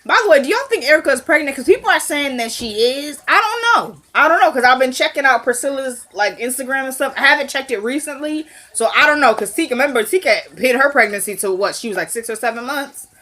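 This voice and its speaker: Woman vlogger, slightly high voice, casual and talkative, recaps episodes straight to camera. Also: expressive, fast, hardly any pauses, pushed and bright. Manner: chatty, addresses viewers directly, acts out dialogue.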